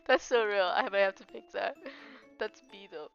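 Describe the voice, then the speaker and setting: A woman's voice: medium pitch, normal speed, vocal fry, clear, resonant tone. A woman streamer making casual, joking comments while reading a visual novel aloud. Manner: chatty, joking reactions. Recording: dull lo-fi with faint music.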